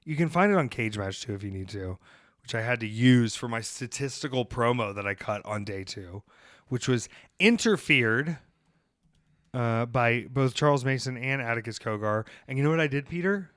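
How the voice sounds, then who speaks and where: A man hosts a podcast, rambling through stories in an animated, profane way. His voice sits at a middle pitch and is heard close on a podcast mic. The recording is dry. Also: a little fast, no echo. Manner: rambling, animated storytelling, swearing. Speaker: podcast host. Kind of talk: casual podcast chat.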